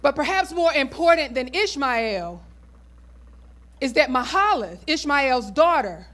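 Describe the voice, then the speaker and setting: High-voiced woman pastor preaching. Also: animated, measured pace, fairly bright tone. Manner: conversational preaching with asides to the congregation. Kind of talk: sermon.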